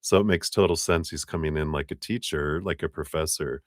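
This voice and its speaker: A man's voice: a bass voice, brisk, no room sound, studio quality. A man giving a live tarot reading, chatty and rambling, often breaking into laughter. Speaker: tarot reader.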